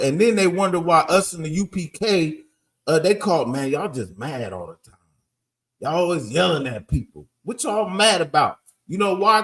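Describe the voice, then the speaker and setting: A man teaching a group in a blunt, emphatic street-preaching style, often checking that listeners understand. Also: a little high. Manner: emphatic, keeps asking "you understand?"; blunt and profane.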